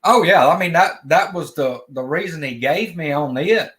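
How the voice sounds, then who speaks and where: A man's voice: on the high side, expressive, moderate pace, fairly bright tone. A man, telling a long personal story in plain, drawling talk, often repeating words as he goes. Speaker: guest storyteller. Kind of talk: casual spoken storytelling.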